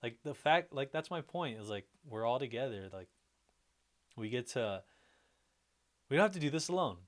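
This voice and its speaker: A man hosts a casual livestream, chatting with his viewers in an easygoing, rambling way. His talk is full of restarts and loose fillers, and he stays upbeat and friendly throughout. His voice sits in an ordinary middle pitch for a man. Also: expressive, normal speed. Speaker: livestream host. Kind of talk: casual livestream chat reacting to viewer comments.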